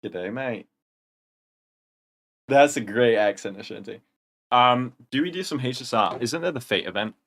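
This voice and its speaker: A man's voice: mid-range voice, lively intonation, fairly quick, a bit bright. A young man hosting a casual livestream, rambling through chat questions in gamer slang. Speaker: livestream host.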